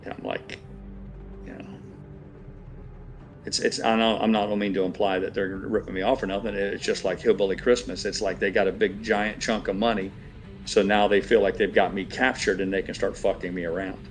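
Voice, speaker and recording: A man's voice: fairly low pitch, little pitch movement, a little fast, soft background music. A middle-aged man in a casual chat, telling an aggrieved, profane story in a ranting way. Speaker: stream regular.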